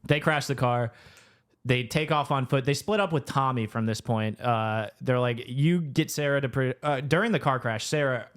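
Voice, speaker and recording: Smooth-voiced man telling a story casually. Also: mid-range voice, moderate pace. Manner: rambling, animated retelling with quoted voices. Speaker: podcast co-host.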